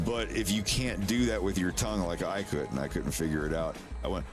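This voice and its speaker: A man's voice: deep voice, a little fast, few pauses, music in the background. A man chatting casually on a live stream, rambling and swearing as he demonstrates mouth sounds.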